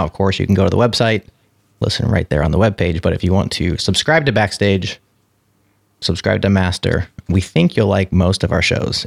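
Low gravelly-voiced podcast host. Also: male voice, dry recording, clean studio sound. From United States. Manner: rambling, friendly, self-correcting. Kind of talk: casual chat.

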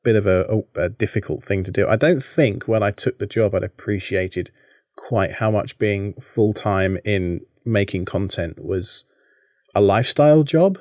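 A man's voice: on the low side, unhurried, darkish tone, dry recording, clean studio sound. A man with a British accent chatting casually as a podcast guest, self-deprecating and talkative. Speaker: guest, content creator.

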